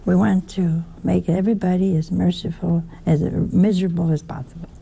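An older woman preaches a sermon slowly, full of rhetorical questions to her listeners. Her voice is dark and mellow, with a gravelly, husky edge. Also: fairly low pitch, flat delivery.

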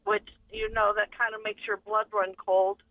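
A woman's voice: mid-range voice, flat delivery, normal speed, dry recording. A woman calling in to a radio show, earnestly retelling a story from work. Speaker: caller. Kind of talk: phone call-in storytelling. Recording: muffled phone line.

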